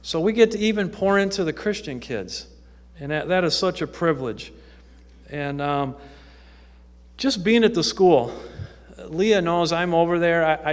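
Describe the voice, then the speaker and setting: Higher-voiced man telling stories in church. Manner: conversational storytelling with frequent ums. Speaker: youth ministry worker speaking at church. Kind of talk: informal testimony talk from the pulpit. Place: church sanctuary. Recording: echoey church hall.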